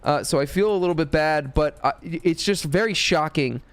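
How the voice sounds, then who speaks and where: A man's voice: on the high side, moderate pace, dry recording, faint music behind. A man streaming a game, talking casually in a rambling, profane way. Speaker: gaming streamer.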